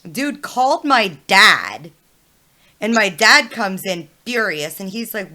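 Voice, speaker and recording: A woman's voice: medium pitch, animated, normal speed, pushed and bright. Blunt, swearing young woman streamer. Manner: blunt, heavy swearing, storytelling. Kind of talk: casual chat on a live game stream.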